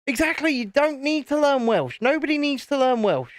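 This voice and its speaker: A British YouTube host runs a casual live stream, joking and reading viewer comments aloud while he builds. His voice is very high-pitched with lively intonation at normal speed, recorded in clean studio quality with no echo.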